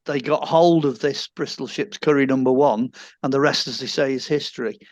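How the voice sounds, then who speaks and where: A man's voice: mid-range voice, normal speed, no echo, highs cut off. A man, eagerly explaining a nerdy bit of history in a casual chat.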